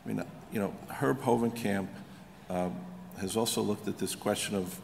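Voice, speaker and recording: A man on a legal panel answers thoughtfully with plenty of ums. His voice is very low and gravelly. The hall adds a long echo around him. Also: a little mellow, a little hiss or hum. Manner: measured, filler-heavy. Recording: reverberant hall.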